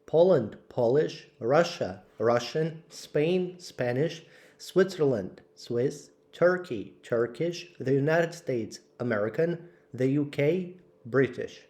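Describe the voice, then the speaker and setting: A man slowly reading out English vocabulary lists for learners, word by word with clear pauses. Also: mid-range voice, animated, a little mellow. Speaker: English teacher. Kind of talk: slow vocabulary drill.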